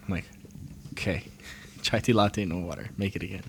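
A man's voice: low voice, fairly even intonation, moderate pace, long pauses, a little hiss or hum. A young man in casual chat who jokes and swears a lot while telling work stories. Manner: crude, joking, swears a lot. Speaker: co-host, barista.

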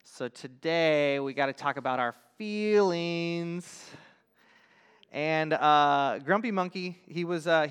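A man preaching a sermon and reading a children's story aloud, relaxed and loose, with many fillers, in a large hall. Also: fairly high pitch, clear, resonant tone. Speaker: pastor. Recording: long reverb of a large hall.

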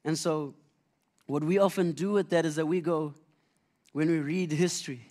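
A man's voice: fairly high pitch, fairly even intonation, normal speed, a little mellow. A man preaching a conversational sermon, telling Bible stories earnestly with frequent restarts.

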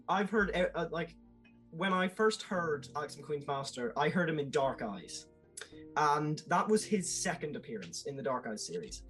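A man talking enthusiastically as a podcast guest, with quick asides and laughs. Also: on the high side, fairly bright tone, poor audio. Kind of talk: casual podcast chat.

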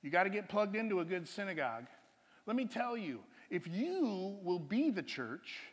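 A man's slightly high voice rings through a church hall with a long tail of reverb as he preaches. He tells his story loosely, chuckling often and restarting his sentences, like a preacher telling a testimony from the pulpit. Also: sing-song, moderate pace. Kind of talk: sermon with a personal testimony story.

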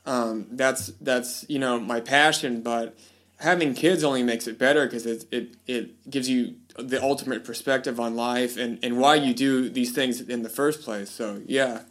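A man's voice: mid-range voice, fairly even intonation, normal speed, a bit bright. Rambling male podcast host in casual chat. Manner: rambling storyteller, many fillers and restarts; puts on voices when quoting people.

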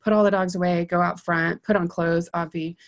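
Brief: chatty woman storyteller, low and gravelly, peppers everything with "like". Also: fairly quick. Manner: chatty, animated, heavy use of "like". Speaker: psychologist. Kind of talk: casual storytelling.

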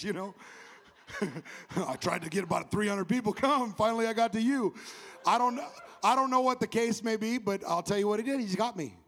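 A male pastor with a Southern US accent delivers an animated sermon in a notably high voice. He laughs at his own asides and prompts the congregation to answer back. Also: big-room sound. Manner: animated, laughs at himself, call-and-response with the congregation.

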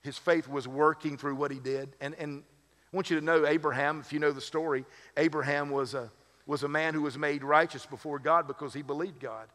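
A man's voice: fairly high pitch, steady tone, a little fast, fairly bright tone. A man serving as lead pastor, preaching a sermon in a conversational way with humorous asides. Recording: long hall reverb.

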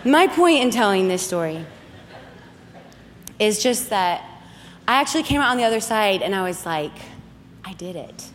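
A woman's voice: medium pitch, very animated, normal speed, long pauses, slight background noise. A woman preaching a sermon, telling a personal story and driving points home through emphatic repetition to an audience in a large hall.

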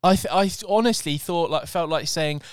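A man hosting a podcast, telling an animated, sweary story in casual chat. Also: fairly high pitch, a little fast, clear, resonant tone, no room sound, studio quality. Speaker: podcast host.

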